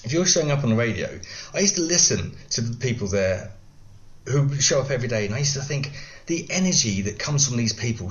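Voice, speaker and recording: A middle-aged man, a guest video coach, explaining things in a podcast interview with many examples and frequent restarts. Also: medium pitch.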